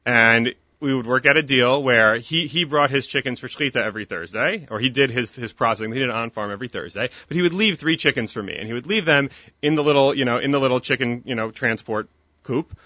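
Bright-voiced, earnest talkative man. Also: medium pitch, fast, dry recording. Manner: earnest, talkative, restarts often. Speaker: guest, kosher meat company founder. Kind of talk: casual interview chat. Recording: dull lo-fi dry recording.

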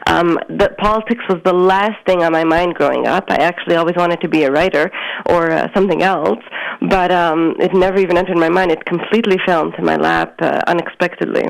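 A woman's voice: lowish voice, fairly even intonation, brisk, vocal fry, poor audio. A woman from Montreal, a guest on an interview show, telling her story in a friendly, matter-of-fact way over the phone. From Montreal, Canada. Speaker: interview guest, local politician. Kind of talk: casual interview chat. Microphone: phone line.

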